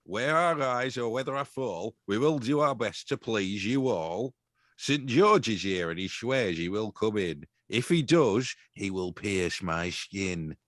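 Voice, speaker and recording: Boastful Turkish knight, as a man puts it on with a lively, sing-song delivery, hammy verse for a comic folk play reading. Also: fairly low pitch, measured pace, dry recording, studio quality. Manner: hammy, declaiming rhyming verse.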